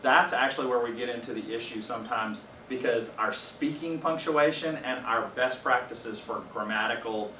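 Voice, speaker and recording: A man leads a training session in a casual, explanatory way and drops wry asides now and then. His voice sits at a middling pitch. It is picked up from a distance in a roomy space with a faint hum of ambience behind it. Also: normal speed, hardly any pauses, bright, forceful tone. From Louisiana. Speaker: faculty trainer. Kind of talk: casual presentation to a live group. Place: training room with a small audience.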